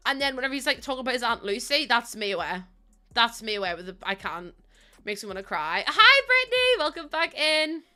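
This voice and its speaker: Bright, chatty young woman streamer. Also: mid-range voice, fast talker. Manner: chatty, giggly, greets chat mid-sentence. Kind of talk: casual live-stream chat.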